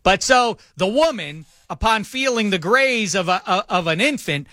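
Middle-aged male radio co-host; animated storyteller, punchy bright delivery, dry close mic. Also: sits high, moderate pace, no room sound. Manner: animated anecdote teller, acts out quotes. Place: radio studio. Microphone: studio microphone.

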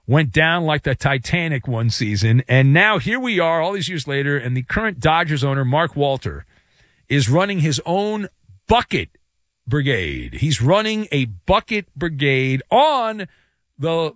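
A male sports commentator talks through a jokey, theatrical solo rant with big swings in his delivery. His voice sits a touch high and leaps all over the place. The sound is close and dry, with no room around it. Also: a bit bright, dry recording.

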